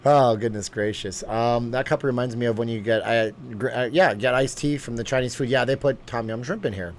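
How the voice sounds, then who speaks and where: A man's voice: mid-range voice, slight background noise. A man hosting a casual live-stream chat, rambling from one topic to the next. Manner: rambling, chatty, quick asides and laughs.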